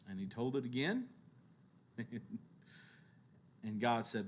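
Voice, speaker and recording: A man preaching a sermon who tells Bible stories with lively, acted-out quotes and occasional chuckles. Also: moderate pace. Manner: animated storytelling, acting out biblical quotes with shifts in pitch and loudness.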